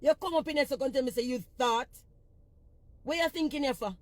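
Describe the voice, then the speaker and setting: A woman's voice: high voice, fairly quick. A woman with a Jamaican accent ranting on a phone livestream, blunt and profane as she scolds her commenters. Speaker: social media personality.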